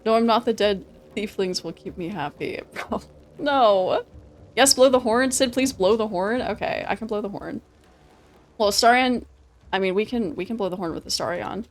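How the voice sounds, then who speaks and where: A woman streaming a game, talking casually, excitable, swearing freely and laughing often. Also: mid-range voice, moderate pace. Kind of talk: casual gameplay commentary.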